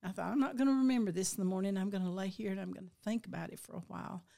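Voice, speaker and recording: An older woman with a drawl recounts a vivid dream. She speaks in a middle pitch, slowly and reflectively. She is heartfelt, and her voice at times catches with feeling. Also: gravelly, warm tone. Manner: heartfelt, slow and reflective, voice breaking with emotion at times. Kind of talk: emotional personal storytelling.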